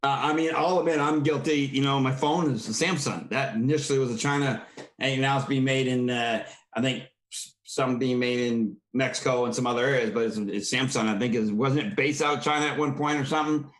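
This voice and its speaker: A man's voice: medium pitch, fairly even intonation, brisk. A man hosting a political talk show, rambling and agreeing with his guests. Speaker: host.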